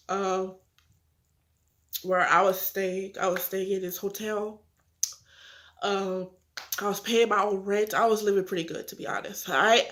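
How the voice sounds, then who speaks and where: Young woman of eighteen, casual confessional vlog, candid and upset, talks straight to her viewers, mid pitch. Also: a bit bright. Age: young adult. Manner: candid and earnest, upset but holding back tears; talks directly to viewers, acts out phone calls. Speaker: vlogger.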